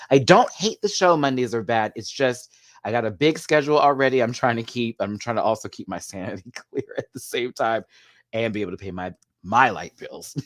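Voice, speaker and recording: A man giving a sassy, animated live video review of a drag competition show, laughing often as he talks. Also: medium pitch, brisk, no echo, clean studio sound.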